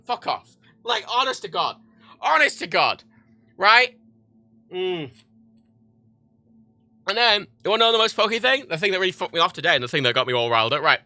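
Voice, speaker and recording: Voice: medium pitch, big pitch swings, quick pace, bright, forceful tone, no room sound. A livestreamer ranting heatedly and profanely in casual talk while playing a game.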